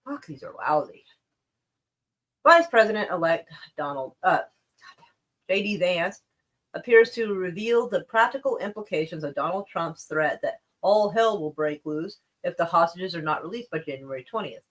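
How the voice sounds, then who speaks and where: A woman's voice: on the low side, animated, moderate pace, a bit bright. Sarcastic, swearing woman commentating on news. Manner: profane and sarcastic, laughs often; reads articles aloud then reacts. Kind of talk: casual live-stream news commentary.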